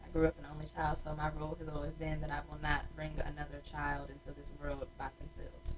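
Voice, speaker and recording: A young woman guest in a casual chat, answering calmly and agreeably. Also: low-pitched, fast talker, distant mic, rough recording.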